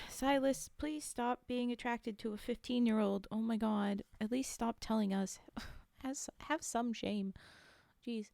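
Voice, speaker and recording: A woman's voice: a little high, measured pace, creaky, darkish tone, dry recording, studio quality. A woman streamer reading a story aloud, breaking off for chatty, laughing asides to her chat.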